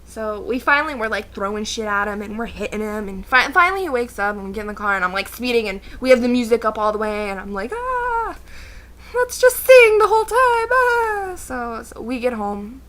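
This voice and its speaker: Bright, exasperated young woman telling a story. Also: medium pitch, fast talker, few pauses. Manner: exasperated, sarcastic, animated storytelling. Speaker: vlogger. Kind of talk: casual storytime rant.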